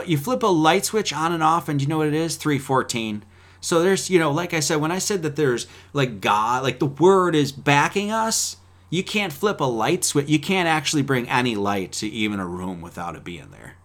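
A man preaching in a fiery, profane way, swinging between loud outbursts and quiet asides. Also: medium pitch. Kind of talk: profane sermon-style talk.

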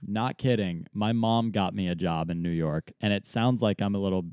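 Young male podcast co-host, lowish voice, lively storyteller. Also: normal speed, smooth, no room sound, clean studio sound. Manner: animated storyteller, acts out quoted people, laughs often. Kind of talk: casual storytelling chat.

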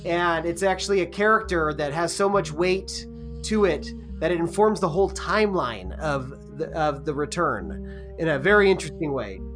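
A man's voice: fairly high pitch, animated, moderate pace, music in the background. A man co-hosting a podcast, chatting casually and rambling with lots of ums and restarts. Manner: rambling, hesitant, many fillers. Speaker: podcast co-host. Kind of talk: casual chat.

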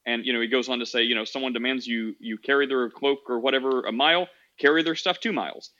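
A man's voice: mid-range voice, fairly even intonation, fast, pushed and bright, lo-fi sound. A man hosting a casual call-in podcast, talking in a rambling way with many fillers and restarts. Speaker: podcast host.

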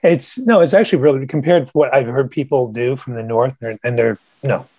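A podcast host leading a casual interview, telling relaxed anecdotes with the odd chuckle. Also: mid-range voice, a little fast, slightly rough, no room sound.

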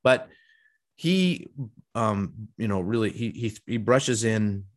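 A man's voice: fairly low pitch, expressive, slow pace. A middle-aged man hosting a casual conversation, talking enthusiastically in long rambling runs with frequent restarts. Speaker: podcast host and professional artist.

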